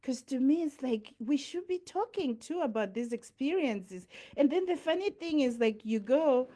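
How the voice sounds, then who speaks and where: Mellow-voiced woman musing frankly. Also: sits high, lively intonation, normal speed. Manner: musing, frank, repeats herself. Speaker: vlogger. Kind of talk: casual reflective talk to camera.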